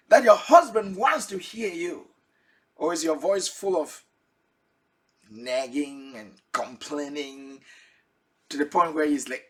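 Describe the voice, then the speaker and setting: Husky guy preaching slow, keeps asking the crowd questions, laughs a bit here n there. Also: a little high, very animated. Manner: asks listeners direct rhetorical questions; chuckles now and then while explaining. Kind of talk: Bible teaching sermon.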